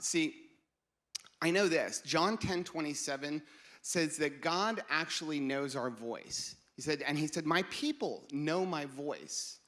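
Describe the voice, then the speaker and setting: A man's voice: fairly high pitch, a bit bright. A man in his forties, a children's pastor, giving a casual devotional talk and acting out voices as he tells stories. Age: 40s. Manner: conversational storytelling, acts out voices.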